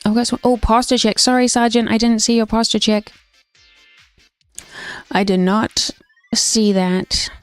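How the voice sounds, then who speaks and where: A woman's voice: a little high, level tone, a little slow, long pauses, clean tone, no echo, faint music behind. Chatty young woman streamer, dry close sound. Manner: chatty, friendly, often reads game dialogue aloud. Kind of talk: casual chat on a cosy gaming stream.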